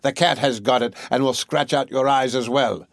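A man voicing a wicked, spiteful old enchantress in a storybook reading, with a raised, drawn-out scolding voice. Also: mid-range voice, fairly even intonation, vocal fry, no echo, studio quality, natural voice. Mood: mocking.

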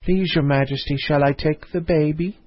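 A man's voice: a little high, steady tone, moderate pace, slightly rough, lo-fi sound, voice pushed up. A man doing a timid, pleading nurse. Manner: pleading, fearful. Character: anxious palace nurse, woman, timid.

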